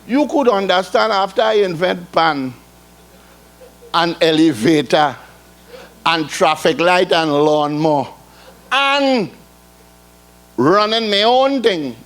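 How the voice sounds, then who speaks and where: Older Trinidadian man, folksy stand-up. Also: on the high side. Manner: rambling, folksy storytelling in island dialect. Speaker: calypso comedian. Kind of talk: live stand-up storytelling. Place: ballroom stage before a live audience.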